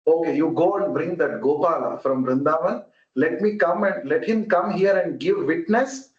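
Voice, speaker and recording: A man's voice: fairly high pitch, normal speed, lightly acted. A man voicing a scornful atheist son who challenges with confident mockery. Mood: mocking. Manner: challenging, mocking. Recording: roomy, muffled online call audio.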